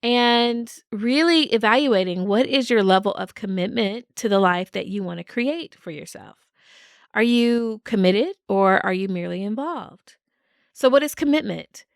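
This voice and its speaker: A woman's voice: mid-range voice, measured pace, vocal fry, no echo, clean studio sound. A woman hosting a solo podcast, talking in an upbeat way and laughing often. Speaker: podcast host.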